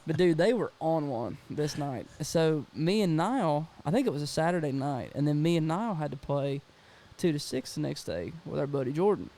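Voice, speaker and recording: A young man with a fairly high yet mellow voice spins a casual story for a podcast. He is animated and slangy, says "dude" a lot, and jumps into the voices of the people in his tale. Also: normal speed. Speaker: podcast co-host.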